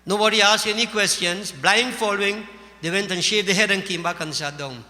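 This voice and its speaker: A man's voice: sits high, brisk, pushed and bright. A man with a Caribbean English accent giving a sermon, telling a folksy story and speaking to his listeners as devotees. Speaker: Hindu religious teacher. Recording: long hall reverb.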